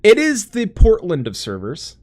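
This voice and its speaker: A man's voice: sits high, huge pitch swings, measured pace, darkish tone. An American man hosting a casual gaming podcast, joking, reading chat aloud and laughing often. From United States. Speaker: podcast host.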